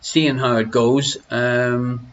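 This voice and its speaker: A man's voice: medium pitch, flat delivery, very slow, a little hiss or hum. An Irish man hosting an online quiz show from his living room, chatting and teasing viewers as he greets them by name. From Ireland. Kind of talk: casual live-stream chat. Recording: lo-fi home stream audio.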